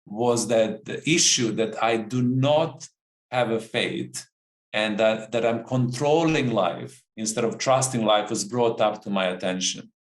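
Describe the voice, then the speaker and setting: A man's voice: on the low side, unhurried, roomy sound, poor audio. A man who works as a coach, talking earnestly about a personal experience in a reflective conversation. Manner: earnest, searching, repeats phrases for emphasis.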